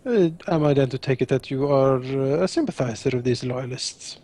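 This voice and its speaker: A man's voice: mid-range voice, normal speed, warm tone, close to an everyday voice. A man voicing courteous knight Raphael. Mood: earnest. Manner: formal, courteous, hesitant with many fillers. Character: Raphael, courteous honor-bound adult man. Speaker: tabletop player.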